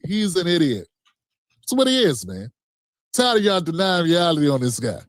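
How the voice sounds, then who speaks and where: A man's voice: on the high side, very animated, moderate pace, dry recording, studio quality. A man streaming a reaction, talking back to a clip in a combative, profane, mocking way. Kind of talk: heated reaction commentary.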